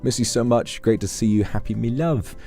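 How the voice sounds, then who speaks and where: A man's voice: mid-range voice, a little fast, warm tone, soft background music. A man streaming live, reading out viewer donations and chatting with them in a playful, teasing, affectionate way. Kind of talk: casual livestream chat.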